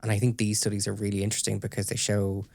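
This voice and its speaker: A man co-hosting a podcast, calmly talking through research findings in casual chat and checking in with his listener. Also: on the low side, very fast, creaky, no echo, studio quality. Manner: explains steadily, checks in with "okay?". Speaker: podcast co-host presenting research.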